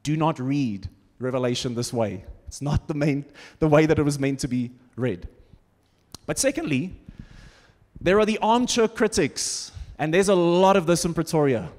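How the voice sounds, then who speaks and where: High-voiced preacher in a reverberant church. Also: male voice, expressive, normal speed, a little mellow. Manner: conversational, humorous preaching with sarcastic asides. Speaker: pastor. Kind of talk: sermon. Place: large church auditorium. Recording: long church-hall reverb.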